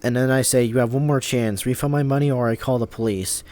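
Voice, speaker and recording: A man's voice: mid-range voice, fairly even intonation, quick pace, darkish tone. A young man telling a storytime about being scammed, indignant and swearing, with many fillers and restarts. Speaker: vlogger. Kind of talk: angry storytime rant.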